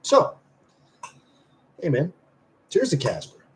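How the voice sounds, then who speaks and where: A low-voiced man hosting a casual livestream, talking loosely to his viewers and swearing as he goes. His loudness swings between sudden bursts and mumbled asides. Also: lively intonation, normal speed, a little hiss or hum. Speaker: livestream host; semi-retired musician. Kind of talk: casual live chat.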